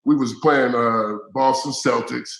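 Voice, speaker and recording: A man's voice: medium pitch, measured pace, creaky. A man from Indiana, a former pro basketball player, telling anecdotes as a guest in a casual interview, laughing often. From Indiana, USA. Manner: laughing, animated anecdote-teller.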